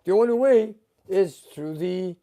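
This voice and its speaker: A middle-aged man hosts a casual live stream from his garage and reads viewer comments aloud. His voice sits a bit high for a man but sounds mellow and soft-edged. He talks in a relaxed, unhurried way and stops often on "uh" as he hunts for words. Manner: relaxed, halting, with many uh fillers.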